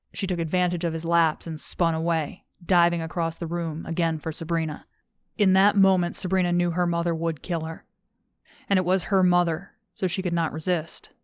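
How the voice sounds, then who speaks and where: Female audiobook narrator, measured and level, smooth clean tone, dry studio sound. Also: on the low side, dry recording. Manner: steady, measured reading. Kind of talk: scripted narration of a thriller novel.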